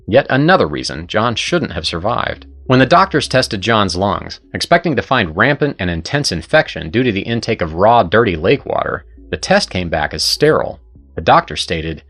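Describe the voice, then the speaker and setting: A man's voice: lowish voice, fairly bright tone. A man hosting and narrating a scripted story in an earnest, persuasive way. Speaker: host and narrator.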